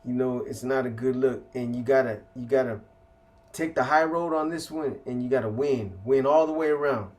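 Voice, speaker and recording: Cussing california dude telling his story, street slang, just regular pitch. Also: moderate pace, darkish tone. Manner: profane, blunt, street slang. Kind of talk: casual storytelling.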